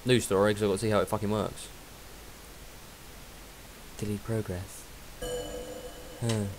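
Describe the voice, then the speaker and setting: A man's voice: on the low side, level tone, very fast. Crude sarcastic gamer guy. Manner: crude, sarcastic, talks back to the game. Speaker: gaming YouTuber. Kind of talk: profane joking let's-play commentary. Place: dark room at home. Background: game music and sound effects.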